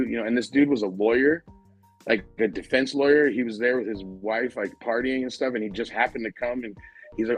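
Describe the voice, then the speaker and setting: A man's voice: medium pitch, brisk, no room sound, faint music behind, low-quality recording. A man hosting a casual podcast, telling a convention story with lots of swearing and laughter. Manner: profane, animated, laughing while telling stories. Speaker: podcast host.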